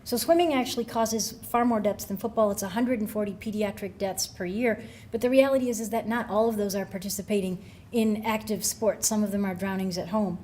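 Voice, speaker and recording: A woman's voice: medium pitch, a little fast, a little mellow. A middle-aged woman speaks from a podium as a researcher addressing a room of coaches. Her talk is loose and conversational, with frequent ums and restarts. Her voice sits in a middle range, with a faint hiss in the room behind her. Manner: conversational, many fillers and restarts. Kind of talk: conference talk.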